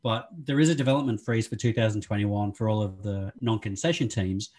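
A man co-hosting a podcast, chatting casually with frequent laughs and restarts in a husky voice. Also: on the low side, steady tone, a little fast, darkish tone. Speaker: podcast co-host. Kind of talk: casual chat.

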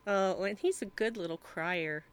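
A woman's voice: mid-range voice, a little slow, clear, resonant tone. A woman co-hosting a podcast, chatting casually, giggly and gushing, laughing often. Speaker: podcast co-host. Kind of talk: casual chat.

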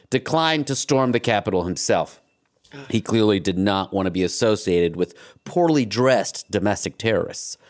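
A man hosting a podcast, telling a story in a wry, sarcastic tone. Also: mid-range voice. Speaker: podcast host. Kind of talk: casual comedic narration.

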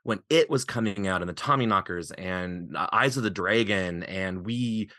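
A man from Eastern Montana, an author appearing as a podcast guest, chats in a casual, lively way, laughing a lot and speaking in quick bursts. His voice is low with a sharp tone, captured in a dry, studio-quality recording.

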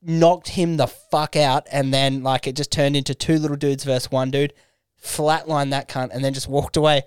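A man's voice: medium pitch, level tone, normal speed, smooth, no echo, studio quality. A young Australian man hosting a podcast, telling crude, laughing anecdotes in casual chat. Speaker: podcast host. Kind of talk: casual storytelling.

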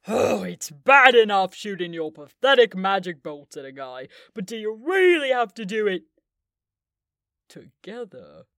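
A man's voice: high-pitched, big pitch swings, measured pace, a bit bright, no echo, studio quality, exaggerated voice. An actor playing a smug, mocking male villain who draws out his gloating taunts in an audio drama.

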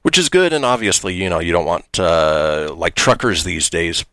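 A man's voice: low-pitched, moderate pace, smooth, no room sound. A man hosting a radio show, reading this-day-in-history items in casual banter. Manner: lively, reads items then jokes.

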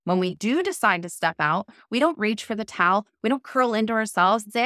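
A woman guest on a podcast interview, explaining a method in a calm, measured, coaching tone. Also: mid-range voice, no echo, studio quality. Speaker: guest, cold immersion method founder.

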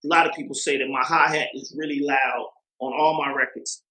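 A man's voice: mid-range voice, steady tone, brisk, bright, forceful tone, roomy sound, poor audio. A man talking as a music producer guest in a casual interview, rambling with lots of fillers and restarts.

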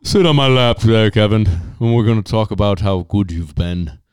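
A man putting on a jolly old Santa Claus voice with an Irish-tinged twang and booming ho-hos. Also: moderate pace, darkish tone, smooth, no room sound, studio quality, natural voice.

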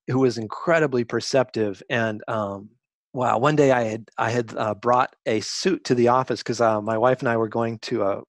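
A man in his sixties, a guest writer telling stories in an interview, reflective and halting, with frequent restarts. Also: mid-range voice, dry recording. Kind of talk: interview conversation.

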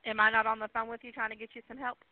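A woman working as a 911 dispatcher, curt and scolding as she tells a caller to calm down. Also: on the high side, very fast, no room sound. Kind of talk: emergency call dispatching. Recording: tinny phone line.

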